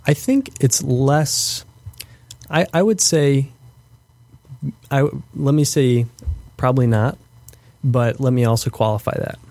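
A young man speaking as a podcast guest in a warm, mellow voice. He answers slowly and thoughtfully, restarting sentences often. The sound is dry and close. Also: mid-range voice, no echo. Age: young adult. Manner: hesitant, many restarts and fillers.

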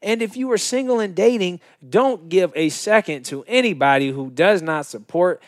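A man's voice: sits high, lively intonation, normal speed, dry recording, studio quality. A man co-hosting a podcast, speaking in an earnest, encouraging way as he gives advice and wraps up the episode. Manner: earnest, encouraging, sign-off style. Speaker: podcast co-host. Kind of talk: casual podcast chat.

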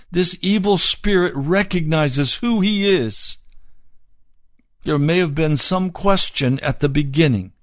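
A man's voice: a little high, dry recording, studio quality. A man preaching a sermon, explaining scripture phrase by phrase. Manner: expository, explaining scripture word by word.

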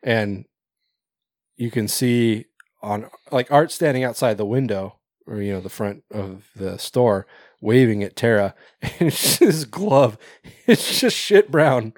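A man's voice: mid-range voice, animated, measured pace, darkish tone, dry recording, studio quality. Laughing, rambling man recapping a movie. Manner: rambling, swears, laughs often, acts out quoted characters. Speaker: podcast co-host. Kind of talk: casual movie recap chat.

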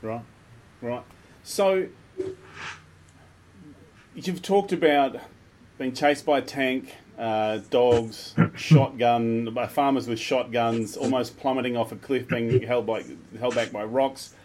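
A man hosting a casual interview, eager and prompting as he draws out his guest. His voice is mid-pitched, with a faint noise in the background. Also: slow, darkish tone. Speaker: host.

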